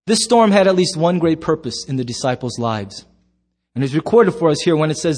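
A man's voice: a little high, lively intonation, brisk. Emphatic preaching pastor, man. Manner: emphatic, swings from loud to hushed. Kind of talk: sermon.

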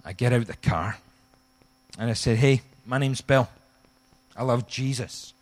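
A middle-aged man preaching a sermon, telling a humorous story with animated, acted-out quotes. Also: mid-range voice, a little slow. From Scotland. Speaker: guest pastor.

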